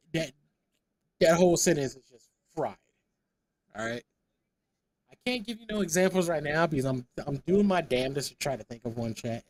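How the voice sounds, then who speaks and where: High-voiced rambling male streamer. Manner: rambling, repeats words, laughs often. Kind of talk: casual stream chat.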